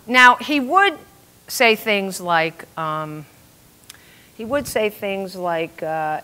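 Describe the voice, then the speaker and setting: Bright, lively older woman storyteller. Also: mid-range voice, takes it slowly. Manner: lively, self-mocking, acts out the quoted voices. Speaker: storyteller on stage. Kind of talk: comic personal storytelling to a live audience.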